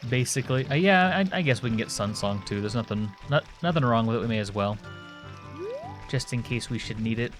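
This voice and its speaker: Over video game music, a man with a mid-range, lively voice streams a game from home, speaking a little fast. He rambles and chats casually with viewers as he plays.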